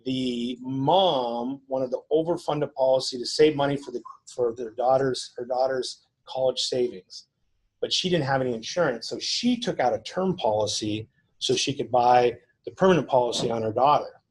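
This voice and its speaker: In a conference room, a man coaches agents before an audience in a conversational live seminar, telling anecdotes and often restarting his sentences. His voice is mid-range at a moderate pace, and the recording is low quality.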